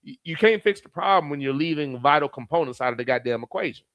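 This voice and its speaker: A man's voice: fairly high pitch, expressive, fast talker, fairly bright tone, dry recording. A man who reads viewer comments aloud as a streamer and gives blunt, profane, heated commentary. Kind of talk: profane live commentary reading chat.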